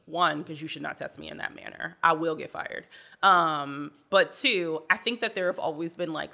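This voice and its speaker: A low-pitched woman with a gravelly, bright edge to her voice, co-hosting a podcast. She talks in a blunt, casual way and acts out the people in her stories. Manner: blunt, animated storyteller who acts out dialogue. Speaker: podcast co-host. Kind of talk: casual chat.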